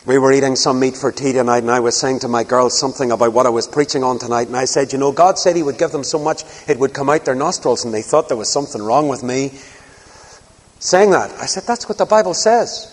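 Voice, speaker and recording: A man's voice: medium pitch, fast talker. A middle-aged man preaching a sermon, acting out dialogue in different voices. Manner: animated, acts out dialogue in voices. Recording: long hall reverb.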